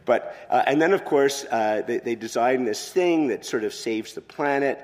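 A man preaching a sermon as pastor, expressive, moving between quiet, soft passages and loud emphatic ones. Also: medium pitch, moderate pace, long reverb tail.

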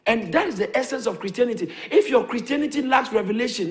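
A man preaching a sermon as a pastor, animated and repetitive, chuckling between points. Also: very high-pitched, quick pace, few pauses.

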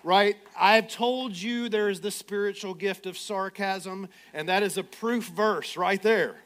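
A man with a high, bright-sitting voice delivers a lively sermon. He swings between loud, punchy bursts and quieter asides, teasing and joking as he preaches. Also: a little slow. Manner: animated, playful preaching with sarcastic asides. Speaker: pastor.

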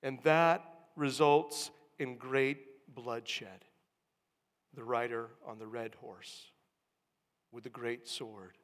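A man's voice: medium pitch, fairly even intonation, drawn-out words. A male pastor preaching a sermon, teaching steadily and building emphasis on key words. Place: church. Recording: long reverb of a church hall.

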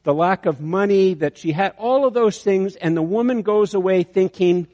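Preacher in an echoing hall. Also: male voice, high-pitched, moderate pace, dull audio. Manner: storytelling, animated with many restarts. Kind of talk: sermon illustration. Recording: long hall reverb.

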